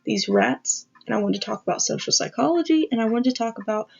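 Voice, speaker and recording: A woman's voice: on the high side, lively intonation, fast, vocal fry, darkish tone. Rambling woman host, muffled lo-fi audio. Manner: rambling, self-aware, swearing asides. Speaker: video essay host. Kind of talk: casual explainer over slides. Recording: dull lo-fi audio.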